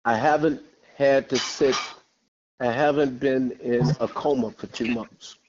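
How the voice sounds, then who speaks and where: A man leading a Bible study as pastor, speaking slowly and earnestly over a phone call. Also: medium pitch, steady tone, noisy background. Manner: slow, earnest exhortation with many amens. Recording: dull lo-fi phone call audio.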